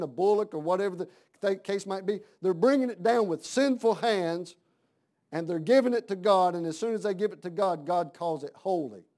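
A man's voice: high-pitched, dark tone. A man preaching a sermon in a folksy, conversational way, asking his congregation questions.

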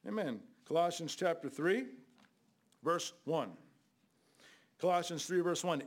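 An older man preaching a fiery Bible sermon as a guest preacher, scolding loudly and then dropping to low asides. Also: lively intonation, a little slow. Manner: loud, scolding, shifts between shouting and low asides.

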